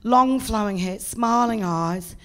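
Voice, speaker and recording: Brief: middle-aged Australian woman comic, bold and profane, lively stage storytelling. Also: medium pitch, slow pace. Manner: brash, profane, animated storytelling. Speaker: stand-up comedian. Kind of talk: stand-up comedy storytelling.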